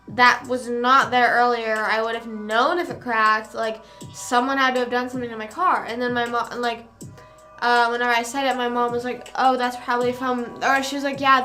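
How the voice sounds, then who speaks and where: A woman's voice: on the high side, bright, forceful tone. A young woman streamer casually telling a story, rambling with lots of fillers and casual swearing.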